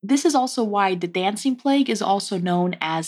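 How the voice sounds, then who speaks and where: Husky-voiced woman hosting a podcast. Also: medium pitch, lively intonation, normal speed, darkish tone. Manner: wry, joking asides. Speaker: podcast host. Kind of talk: casual history podcast narration.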